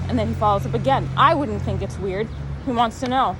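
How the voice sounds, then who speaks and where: A young woman vlogger telling a casual storytime rant, animated and exasperated, rambling with many fillers. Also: fairly high pitch, moderate pace, background noise.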